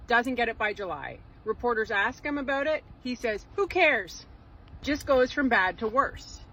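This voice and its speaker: Woman ranting in a vlog, bright punchy voice, sarcastic and emphatic. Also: on the high side, animated, moderate pace, poor audio. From Canada. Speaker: political commentator. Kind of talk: political commentary vlog.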